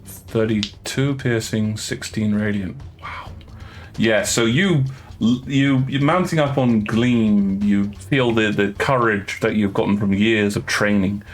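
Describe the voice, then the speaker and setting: A man narrating as game master of a tabletop game, halting with frequent restarts and fillers. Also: on the low side, faint music behind. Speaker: dungeon master.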